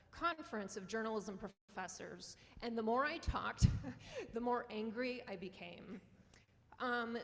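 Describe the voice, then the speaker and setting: A woman's voice: medium pitch, in a large hall. A woman with a North Dakota accent speaks earnestly and with passion as a journalism professor giving a conference talk. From Western North Dakota. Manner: earnest and impassioned, with small laughs. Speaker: journalism professor and newspaper publisher. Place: lecture hall.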